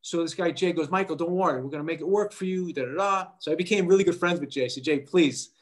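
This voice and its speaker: A middle-aged man, an actor guest in an interview, telling a story in a lively way and acting out the voices of people he quotes. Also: fairly high pitch, quick pace. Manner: animated, acts out quoted voices.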